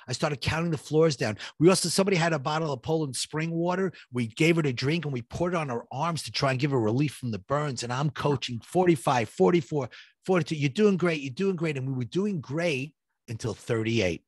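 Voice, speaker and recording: A middle-aged man recounts a gripping personal story, switching into the voices of the people he met along the way. His voice sits a little high for a man. The sound is close and dry, with no room around it. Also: brisk, breathy edge, no echo. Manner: vivid, reenacts dialogue, builds suspense. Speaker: guest telling his story.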